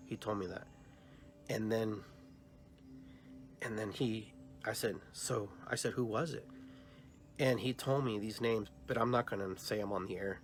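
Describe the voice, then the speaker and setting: A man's voice: on the low side, unhurried, pauses often, faint music behind. A man hosting a podcast, telling a personal dream story and acting out both sides of the conversations. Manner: animated retelling, acts out both sides of dialogues; long trailing phrases with filler and restarts. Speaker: podcast host.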